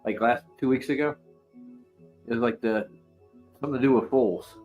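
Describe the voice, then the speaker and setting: A man's voice: mid-range voice, moderate pace, a little mellow, soft background music. A man in casual chat, asking curious questions of his co-hosts.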